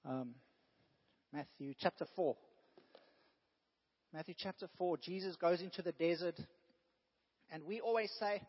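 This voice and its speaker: Earnest preacher guy, kinda high voice, long hall echo, dull muffled sound. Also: unhurried, pauses often. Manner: earnest, builds to emphatic bursts. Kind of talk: sermon.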